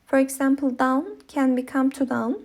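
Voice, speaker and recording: Hesitant high-voiced woman with Turkish accent. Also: fairly even intonation, normal speed, a little mellow. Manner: hesitant, many ums and uhs. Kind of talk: reading a linguistics presentation.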